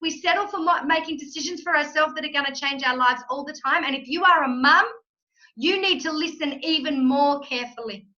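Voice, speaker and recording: A woman's voice: sits high, brisk, pushed and bright, muffled recording. A woman mindset coach giving a motivational masterclass talk in an emphatic, punchy way, driving points home with repetition.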